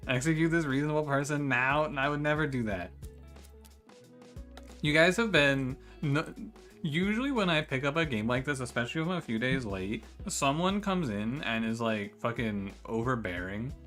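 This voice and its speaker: A man's voice: mid-range voice, expressive, moderate pace, fairly bright tone. A man casually chatting with his stream chat while playing a strategy game, swearing freely and laughing as he talks. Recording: faint music behind the voice.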